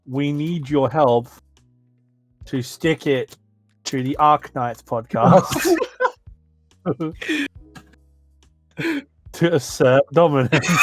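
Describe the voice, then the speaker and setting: A man hosts a casual podcast, joking and laughing his way through loose banter. His voice sits fairly high, and the sound is dry and close, with faint music underneath. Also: big pitch swings, dry recording. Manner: joking, laughing, slowing down mock announcements. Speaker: podcast host.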